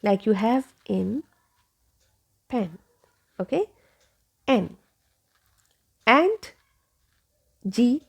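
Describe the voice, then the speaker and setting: A woman leads a pronunciation lesson at an unhurried, deliberate pace. Her voice has a gravelly, fried edge. She says each word over and over and keeps checking with 'okay?'. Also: a little high, very animated. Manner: repeats each word several times, asks 'okay?'. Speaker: English pronunciation teacher.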